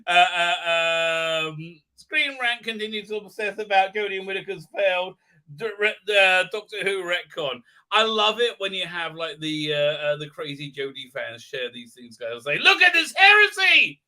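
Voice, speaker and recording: High, sharp-voiced grumpy man. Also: normal speed. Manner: rambling, sarcastic, swears a lot; grumpy self-mocking tone. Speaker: live-stream host. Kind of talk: casual live-stream chat.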